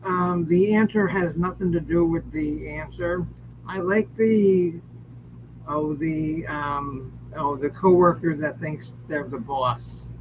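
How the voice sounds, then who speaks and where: A joking man on a casual livestream game night who rambles slowly through plenty of fillers. His voice sits a touch high for a man. The sound is muffled, with a faint hiss underneath.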